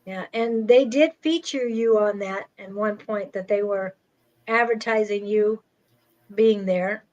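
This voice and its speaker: A woman's voice: medium pitch, a little slow, darkish tone, muffled recording. A woman co-hosting in casual chat, speaking hesitantly with many fillers. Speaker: co-host and technical helper.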